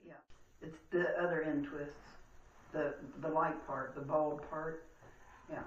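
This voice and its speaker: A woman's voice: low voice, level tone, a little slow. Friendly, giggly woman ghost hunter; distant, roomy, muffled camera audio. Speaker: paranormal investigation team member. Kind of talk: casual ghost-hunt chat. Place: old hotel room at night. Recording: echoey, distant, dull, faint hiss.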